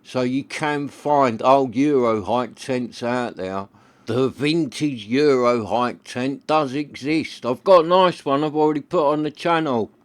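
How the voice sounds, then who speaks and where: A man's voice: medium pitch, measured pace. A man hosting a camping vlog outdoors in his garden, rambling and poking fun at himself in casual chat. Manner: rambling, self-deprecating, colloquial. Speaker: camping channel host.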